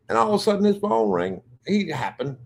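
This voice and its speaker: Animated profane male storyteller. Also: sits high, gravelly, breathy edge. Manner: animated, crude, acts out voices.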